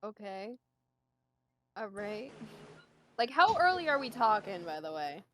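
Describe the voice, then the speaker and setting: A woman playing in a tabletop game on a live stream, teasing and matter-of-fact, quick to laugh. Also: medium pitch, sing-song, fairly bright tone, a little hiss or hum. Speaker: player. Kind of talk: casual chat at a tabletop game.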